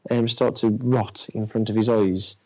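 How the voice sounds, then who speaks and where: A man's voice: on the low side, steady tone, normal speed. Hesitant man, dull lo-fi sound. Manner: hesitant, many fillers and restarts. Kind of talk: casual chat. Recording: dull lo-fi audio.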